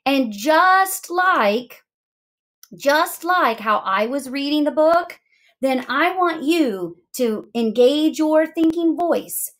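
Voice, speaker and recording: A middle-aged woman teacher reads a picture book aloud for young children and thinks out loud as she goes. Her voice sits a little high and swoops up and down in a sing-song, expressive way. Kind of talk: remote reading lesson for young children.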